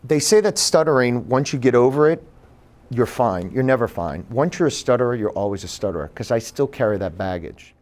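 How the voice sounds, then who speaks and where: A man giving a personal storytelling talk at a bookstore event, animated and acting out the voices he quotes. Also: mid-range voice, a little fast. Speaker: author and speaker.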